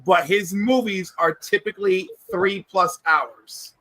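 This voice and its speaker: Man, high pitch, bright tone, teasing, coy. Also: takes it slowly, no room sound, poor audio. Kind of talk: casual chat.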